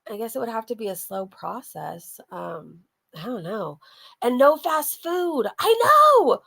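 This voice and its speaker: A woman's voice: on the high side, expressive, measured pace, vocal fry, husky. A woman hosting a casual reaction channel, chatting to her viewers and laughing often.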